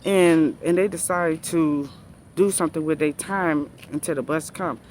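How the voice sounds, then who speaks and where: Parent vlogger, male, a bit high-pitched, casual exasperated rant, repeats himself. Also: moderate pace, darkish tone, a little hiss or hum. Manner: exasperated storytelling with repeated phrases. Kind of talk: casual venting monologue.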